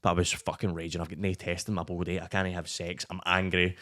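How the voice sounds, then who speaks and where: A man's voice: low-pitched, fast. A young man with a Scottish accent, a podcast guest telling rambling, sweary stories in casual chat. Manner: rambling, sweary, animated storytelling.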